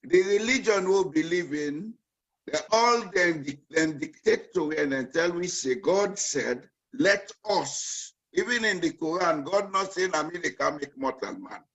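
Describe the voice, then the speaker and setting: A man's voice: high voice, measured pace, a bit bright, poor audio. A man with a Sierra Leonean Krio accent giving emphatic political commentary as a panel guest, repeating his key words like a preacher. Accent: Sierra Leonean Krio-tinged.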